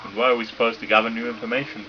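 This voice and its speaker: Sweary british let's-player, lo-fi. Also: male voice, medium pitch, fairly even intonation, a little hiss or hum. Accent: British English. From Britain. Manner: sweary, joking, does quick silly voices for characters. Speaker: let's play gamer. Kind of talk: let's play commentary, reading game dialogue aloud. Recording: dull lo-fi sound with game music behind. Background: game music.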